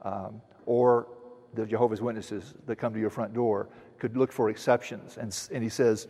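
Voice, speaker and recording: A man's voice: on the low side, fairly even intonation, dark tone. Earnest male preacher in a reverberant hall. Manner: earnest teaching, with frequent restarts and slow emphatic quotes. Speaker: pastor. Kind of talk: expository sermon.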